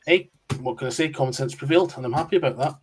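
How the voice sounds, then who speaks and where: A man's voice: medium pitch, racing, husky. A man, a Eurovision buff explaining details in casual chat with frequent "um"s. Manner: chatty, explains facts with fillers. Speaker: Eurovision expert guest.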